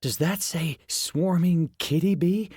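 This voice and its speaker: A jumpy, sarcastic young rogue from a fantasy audiobook, voiced by a man. He talks in quick, wisecracking bursts, pitched a little above the narrator's own voice, in a dry, close recording. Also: expressive, darkish tone, husky, no room sound. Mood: incredulous.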